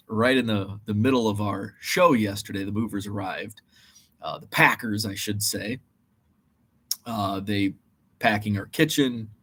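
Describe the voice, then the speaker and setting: A man's voice: lowish voice, a bit bright. A man in a casual vlog, retelling his errands in a rambling, exasperated way with lots of fillers. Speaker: eBay reseller and channel host.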